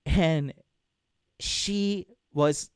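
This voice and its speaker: A man's voice: on the high side, extremely slow, darkish tone, clean tone, no room sound, studio quality. A man hosting a casual livestream as a dating coach, talking bluntly and crudely to viewers and reading out chat.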